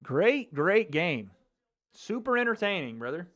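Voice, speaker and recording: An American man giving an excitable live reaction to a football match as a YouTube host, swearing and breaking into shouts. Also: high voice, unhurried. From United States.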